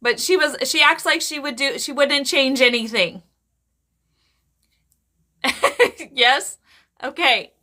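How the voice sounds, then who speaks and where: A woman psychic medium giving live readings to viewers in a chatty, animated way, often breaking into laughter and quick asides to the chat. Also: high-pitched.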